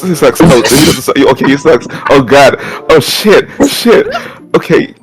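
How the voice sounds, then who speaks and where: A man's voice: medium pitch, expressive, moderate pace, faint music behind, lightly acted. A man voicing a panicky young man whose thoughts are heard aloud, frantic and swearing.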